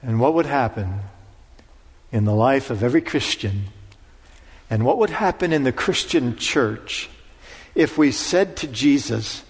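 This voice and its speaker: A man's voice: mid-range voice, animated, unhurried, long pauses, slightly rough. A man preaching a sermon in a church, with dramatic recitation that rises to commanding peaks. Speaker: pastor. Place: church sanctuary. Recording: long reverb of a church hall.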